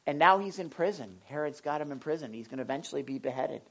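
Impassioned woman preacher, low voice. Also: lively intonation, fast talker, highs cut off. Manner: impassioned, builds to shouting, frequent restarts. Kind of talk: sermon.

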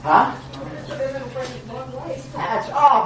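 A man co-hosting a casual Bible teaching, animated and joking, with emphatic rhetorical questions. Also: high voice, unhurried, lo-fi sound. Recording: echoey room from a distance.

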